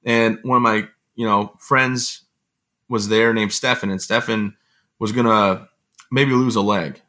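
A man telling stories as an interview guest, in an animated, rambling conversational way. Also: lowish voice. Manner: fast, animated storytelling with rambling asides. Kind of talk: conversational storytelling.

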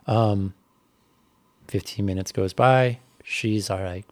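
Gravelly low-voiced man telling a story. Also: steady tone, measured pace. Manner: candid, reflective storytelling with many fillers. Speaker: endurance bike racer. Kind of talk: casual podcast conversation.

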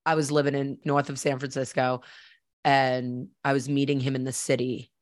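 A woman's voice: a bass voice, level tone, moderate pace, no room sound. A woman from Boston, a podcast host, telling a personal story in a candid, chatty way and acting out the dialogue.

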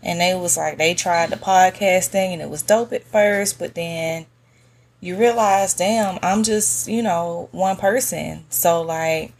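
Slow, soft-spoken woman podcast host. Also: fairly low pitch, creaky. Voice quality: soft monotone voice. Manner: relaxed, slangy, many fillers. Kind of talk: casual solo podcast talk. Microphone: podcast mic on a stand.

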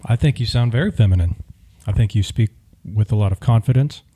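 A man's voice: fairly low pitch, fairly quick, dark tone, slightly rough. A man co-hosting a podcast with his wife. He talks in a playful, teasing and reassuring way. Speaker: podcast co-host. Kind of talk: casual chat.

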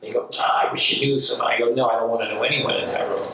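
A man's voice: medium pitch, racing, vocal fry, far from the mic, a little hiss or hum. Rambling man in an echoey room. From New York. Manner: rambling, animated storyteller, acts out quotes. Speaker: working actor, guest. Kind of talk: casual conversation. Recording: echoey room from off mic, faint ambience.

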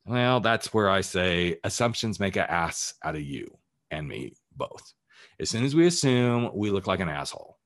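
A man's voice: low voice, big pitch swings, normal speed, fairly bright tone. A man who works as a life coach, giving a candid, emphatic motivational talk on his podcast and swearing casually as he goes.

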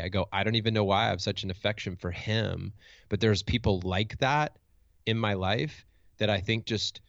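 A man's voice: on the low side, a bit bright, no room sound. A middle-aged man, a motivational speaker and coach, telling a personal story in conversation in a reflective, earnest way with frequent restarts, on a dull, dry lo-fi recording.

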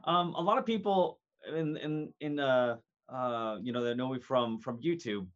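A man in casual chat, halting with fillers and restarts, laughing often. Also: mid-range voice, lo-fi sound.

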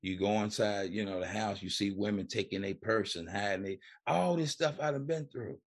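A man's voice: on the low side, moderate pace, slightly rough. A middle-aged man, a recovery coach, telling his story in a casual interview, colloquial, acting out the voices he quotes. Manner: colloquial, repeats "man" and "you know". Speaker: recovery coach and podcast guest.

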